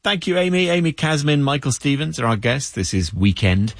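A man presenting a live radio news magazine in a brisk, conversational way, steering his guests. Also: medium pitch, very animated, dry recording.

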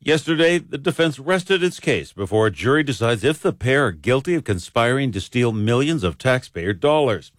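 A man anchoring a radio newscast, reading headlines in a steady, measured delivery into a studio microphone. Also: mid-range voice, no echo.

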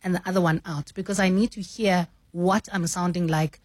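A woman, a news anchor and mentor, explaining her craft in a measured way and often saying "you know". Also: fairly low pitch, fairly even intonation, a little mellow, no echo, clean studio sound. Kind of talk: radio studio conversation.

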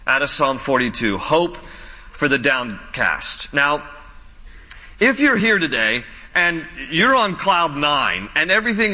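Bright-voiced pastor preaching in a reverberant hall. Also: male voice, on the high side. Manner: earnest, repetitive, conversational preaching. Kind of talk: sermon. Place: church sanctuary.

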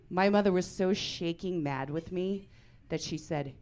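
A woman in her forties performing a stand-up comedy set in a club, brash and deadpan, acting out the people she quotes. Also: lowish voice, normal speed, hardly any pauses, clean tone.

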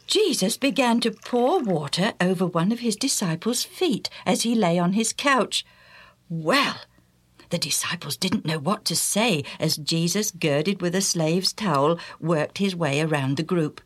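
A woman telling a children's Bible story in an expressive way, with exclaimed questions and whispered asides. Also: lowish voice.

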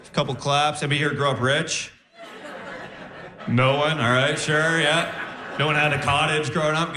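A man performing stand-up comedy, telling stories and acting out the voices of the people in them. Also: a little high. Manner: animated storyteller, acts out voices. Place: comedy stage with live audience. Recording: roomy venue echo.

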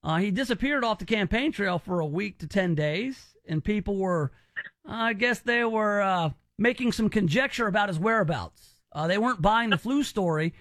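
A man's voice: high voice, expressive, moderate pace, fairly bright tone, no room sound. A man hosting a call-in radio show, rambling and teasing with lots of restarts. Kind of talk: joking call-in radio banter.

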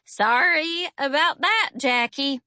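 A gentle, apologetic boy in a storybook, speaking slowly and soothingly, as a woman reader voices him. The voice is high and bright. The sound is close and dry. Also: dry recording, exaggerated voice. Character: gentle boy, parrot owner.

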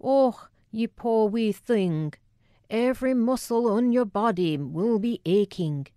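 A woman voicing a brisk, matronly older Scottish nurse with a thick accent, fussing and grave. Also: a little high, expressive, dark tone, no echo, clean studio sound, voice pushed up. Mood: soothing.

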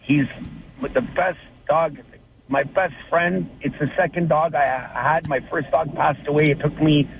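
A man's voice: on the high side, steady tone, measured pace, creaky. A man calling in to a radio show, talking in a heartfelt, rambling, emotional way. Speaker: caller. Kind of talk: phone-in call. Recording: tinny phone line with faint noise.

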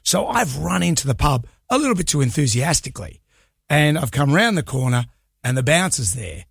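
A man's voice: on the high side, very animated, a little fast, creaky, fairly bright tone, husky, dry recording, studio quality. A man with an Australian accent hosting a radio show, telling a story in casual banter and laughing often. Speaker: radio host. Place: radio studio. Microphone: studio mic.

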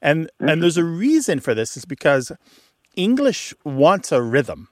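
A man's voice: on the high side, big pitch swings, a little slow, dry recording, clean studio sound. A man hosting a call-in radio show, explaining word usage to a caller with enthusiasm. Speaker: host.

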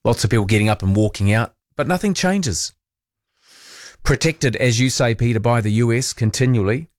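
A man's voice: mid-range voice, fairly even intonation, fast, a little mellow, no echo. A man hosting an overnight radio talk show in a studio, chatting casually and reading out listener texts with a self-deprecating manner. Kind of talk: casual late-night radio chat. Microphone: studio microphone.

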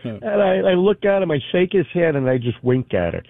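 A man calling in to a radio show, telling a personal story in a lively, chatty way and acting out the other people in it. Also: high voice, a little fast, creaky, no room sound. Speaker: caller. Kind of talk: animated phone-in storytelling. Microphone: telephone. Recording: tinny phone line.

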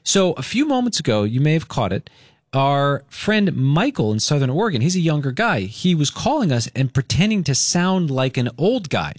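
A man's voice: fairly high pitch, very animated, normal speed, dry recording, studio quality. A man hosting a morning radio show, upbeat and playful as he talks with callers.

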